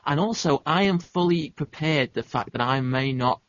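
A man's voice: on the high side, normal speed, no echo. A man co-hosting a podcast in casual chat, making wry, dry remarks. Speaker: podcast co-host. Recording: dry, muffled lo-fi audio.

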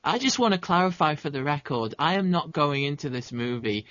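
A man's voice: fairly high pitch, animated, a little fast, fairly bright tone, no room sound. A man co-hosting a podcast in casual chat, making wry, dry remarks. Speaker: podcast co-host. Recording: dry, muffled lo-fi audio.

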